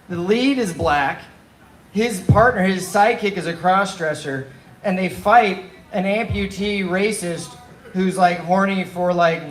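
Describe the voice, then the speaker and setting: Young male stand-up, fairly high voice, loose and animated storyteller, echoey live room. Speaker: stand-up comedian. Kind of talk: open mic stand-up set. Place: small bar and coffee venue.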